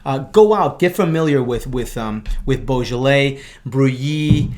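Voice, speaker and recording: A man's voice: mid-range voice, animated, measured pace, background noise. A man, a wine expert guest, chatting enthusiastically, stumbling and repeating words. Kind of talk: casual chat.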